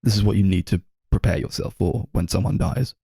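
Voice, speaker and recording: A man's voice: sits low, a little fast, creaky, dark tone, breathy edge, dry recording. A man co-hosting a casual film podcast, talking in a rambling way full of fillers and quoted asides. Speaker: podcast co-host.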